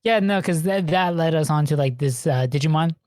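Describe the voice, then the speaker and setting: Fairly quick and on the high side, this male podcast co-host has a darkish tone and no room sound around him. He chats casually, wandering through profane stories and laughing often.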